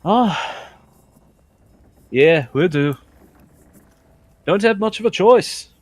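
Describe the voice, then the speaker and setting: A man's voice: high-pitched, lively intonation, extremely slow, no room sound, pitched above the performer's own voice, heavily acted. A man voicing a burly male orc tavern keeper who talks in a folksy, drawling way with an accent that keeps slipping. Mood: welcoming.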